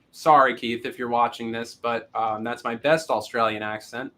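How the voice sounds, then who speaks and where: A man's voice: medium pitch, steady tone, normal speed, bright, forceful tone, slight background noise. A man hosting a casual guitar demo for a music store, joking and self-deprecating about having to sell the product.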